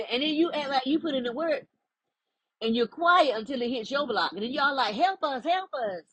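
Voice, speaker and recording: Husky, emphatic woman. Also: sits high, expressive, moderate pace, fairly bright tone, no echo, rough recording. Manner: preachy, emphatic, swoops up and down. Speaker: spiritual life coach. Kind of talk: direct-to-camera monologue.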